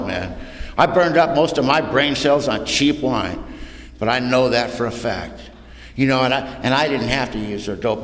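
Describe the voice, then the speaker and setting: An older man giving a humorous personal testimony at a recovery meeting, blunt and plain-spoken, dropping "man" and "you know" as he goes. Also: medium pitch. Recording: echoey hall with long reverb.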